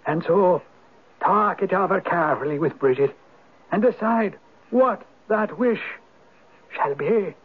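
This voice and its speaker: An actor playing an ancient Viking spirit turned Irish hermit who speaks in a measured, knowing, gently probing way, in a 1970s radio drama. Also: male voice, high voice, expressive, background noise. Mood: instructing. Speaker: Old Man of the Rock. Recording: tinny lo-fi old radio broadcast.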